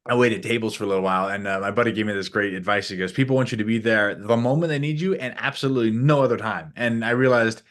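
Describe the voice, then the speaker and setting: A man's voice: on the low side, fast talker, few pauses, a bit bright. A man who works as a coach, a guest on a podcast, rambling in casual chat and acting out the voices of people he quotes.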